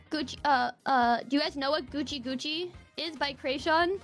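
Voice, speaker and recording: Woman, streamer host, very high voice, giggly, excitable, casual chat, faint music. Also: a little slow. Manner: giggly, laughs often, excitable.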